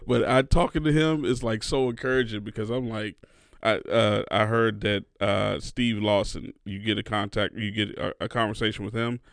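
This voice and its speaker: A man with a low, gravelly voice hosts a relaxed podcast chat. He tells stories in an animated way and acts out the lines of the people in them. The sound is close and dry. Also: moderate pace, dry recording. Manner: animated storyteller, acts out quotes. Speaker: podcast host.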